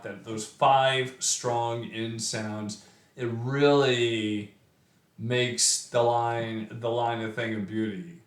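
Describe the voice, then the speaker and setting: A man talks slowly through a poem in a casual lesson, stopping often with fillers and restarting his sentences. His voice sits at a middle pitch. The recording has a roomy echo around it. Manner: relaxed, thinking aloud with fillers and restarts. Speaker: poetry teacher. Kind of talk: informal poetry lecture.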